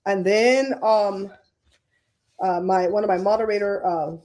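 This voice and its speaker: Gossipy middle-aged lady running a live stream, animated, laughs a lot, mellow tone. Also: medium pitch, measured pace. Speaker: livestream host. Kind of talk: casual livestream chat.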